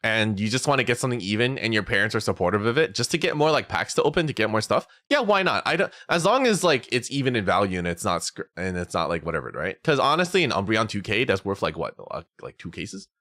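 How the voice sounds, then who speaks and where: A man's voice: lowish voice, very animated, fast, few pauses, sharp tone, no room sound, studio quality. A young man streaming as a VTuber, chatting casually and ranting, often swearing and acting out quoted people.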